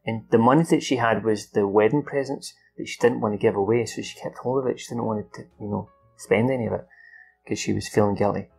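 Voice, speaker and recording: A man's voice: on the low side, fairly even intonation, a little fast, gravelly, a little mellow, soft background music. A man recapping a film's plot off the cuff, swearing often and acting out the characters' lines. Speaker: film reviewer.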